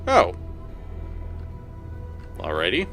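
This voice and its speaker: A man's voice: deep voice, huge pitch swings, extremely slow, fairly bright tone, faint music behind, heavily acted. A man voicing a short, filthy, wheezing man who is suspicious of strangers.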